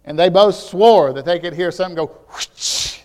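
A man preaching a sermon as pastor, telling animated stories that build to near shouts. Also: high voice, quick pace, in a large hall.

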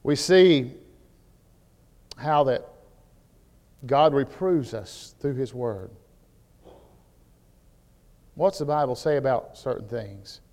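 A man preaching a sermon as pastor, telling animated stories that build to near shouts. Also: medium pitch, slow, long pauses, long reverb tail.

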